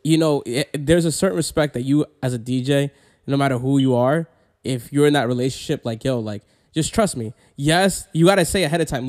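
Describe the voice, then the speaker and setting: A man taking part in a casual studio conversation as a fellow DJ. He explains his point earnestly, at an average pitch and steady delivery. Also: a little fast. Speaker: guest DJ.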